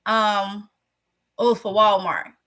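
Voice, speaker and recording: A vlogger from Mississippi with a Southern accent tells her viewers a story in a casual, candid, chatty way, giving it a lively retelling. Her voice is medium pitch, and she speaks at a slow pace.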